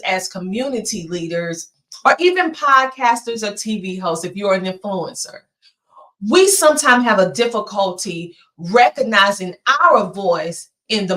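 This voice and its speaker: A woman with a Southern twang giving an earnest, emphatic motivational presentation with dramatic pauses. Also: medium pitch, fairly bright tone. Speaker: motivational speaker.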